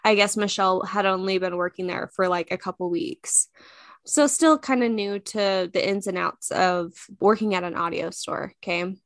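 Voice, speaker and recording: A woman's voice: mid-range voice, moderate pace, dry recording. A woman hosting a podcast, telling a true crime story in a casual, chatty way with many fillers and shifts of speed.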